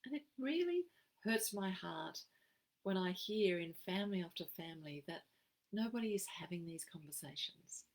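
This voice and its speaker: An Australian woman giving an expressive, emphatic live-streamed wellbeing talk as a program facilitator. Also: lowish voice, normal speed, low-quality recording. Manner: expressive, emphatic, acts out quoted phrases.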